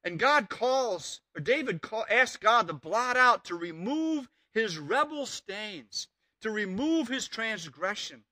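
Pastor, male, high bright voice, earnest emphatic sermon delivery, dry close sound. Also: lively intonation, takes it slowly, no room sound. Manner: earnest and emphatic, repeating key words.

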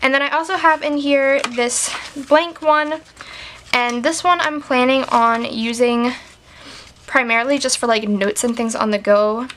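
Upbeat woman showing off her planner stuff, kinda high voice, says like a lot, faint hiss behind. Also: steady tone, unhurried, a bit bright. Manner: chatty, sprinkled with "like" fillers; enthusiastic. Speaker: stationery and planner vlogger. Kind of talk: casual show-and-tell chat.

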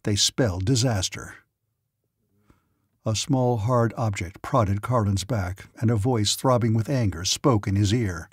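A man's voice: on the low side, measured pace, slightly rough, dry recording, studio quality. A man narrating a science fiction audiobook with dramatic storytelling. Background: faint music.

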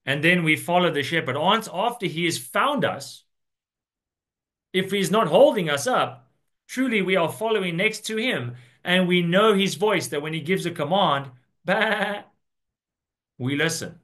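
A man's voice: high-pitched, animated, a bit bright. Earnest man preaching a sermon. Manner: earnest, drawn-out emphatic preaching with scripture quotes. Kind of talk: sermon on scripture.

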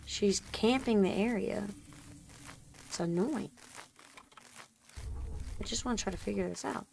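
A woman's voice: medium pitch, measured pace, creaky, darkish tone. A woman with an ordinary mid-range voice commentates her gameplay live. She chats loosely with viewers and thanks them, with frequent flashes of frustration at the game. A faint hiss sits under her voice. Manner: chatty, thanks viewers, often exasperated at the game. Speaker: gaming streamer.

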